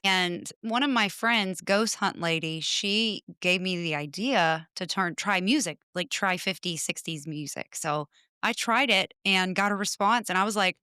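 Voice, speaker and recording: A woman's voice: fairly low pitch, bright, forceful tone, clear, resonant tone, dry recording. A woman chatting as a podcast guest from her home studio, telling stories animatedly and acting out conversations. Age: adult with children. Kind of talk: casual chat.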